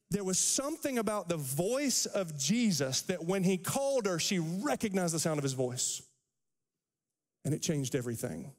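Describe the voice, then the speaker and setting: Man, pastor, animated sermon, high voice, long church reverb. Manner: animated preaching, acts out scripture quotes. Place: church sanctuary.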